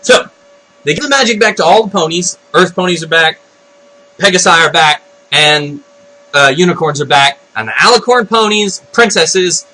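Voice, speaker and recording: A man giving an unscripted, excitable rant about a cartoon episode, retelling it with loud exclamations. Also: on the high side, rough recording. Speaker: video blogger. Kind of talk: unscripted ranting commentary.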